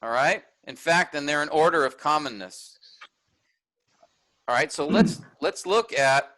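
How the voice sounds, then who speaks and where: A man leads a workshop lecture with a fairly high, bright voice. He explains step by step, often asking his listeners if they follow. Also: lively intonation, a little slow, poor audio. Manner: explanatory, checks in with listeners, frequent fillers. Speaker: teacher. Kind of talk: online workshop lecture on Hebrew text.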